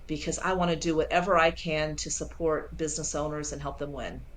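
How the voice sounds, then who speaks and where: A woman sales coach being interviewed over a video call, talking with lively enthusiasm and acting out quoted dialogue. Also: sits low, a little fast. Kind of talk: casual interview.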